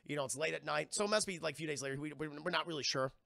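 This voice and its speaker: Male streamer, profane rambling recap, sharp tone, dry close sound. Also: fairly high pitch, creaky, dry recording. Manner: profane, rambling, keeps addressing chat; acts out quoted lines in quick voices. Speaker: streamer reviewing a TV episode. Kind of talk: casual livestream recap.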